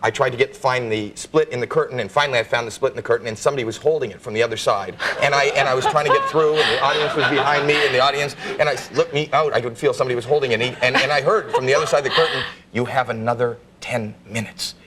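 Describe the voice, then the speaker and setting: A man, a comedian guest on a talk show, telling stories in an animated, rambling way full of restarts and jokes. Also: mid-range voice, rapid-fire, few pauses. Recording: noisy TV broadcast recording.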